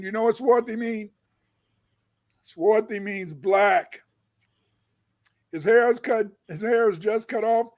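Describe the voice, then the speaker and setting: Very high-voiced man lecturing emphatically. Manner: booming emphatic bursts on key words, repeats himself; stutters and restarts. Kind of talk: emphatic lecture, reading old newspaper notices aloud.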